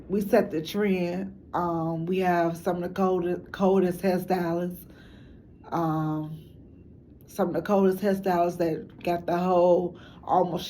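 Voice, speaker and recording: A woman with a Chicago accent rambles frankly about her city in loose street slang. Her voice sits low and carries a gravelly edge, with a mellow, dark tone, and a faint hiss runs underneath. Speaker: documentary interviewee. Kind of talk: casual talk to camera.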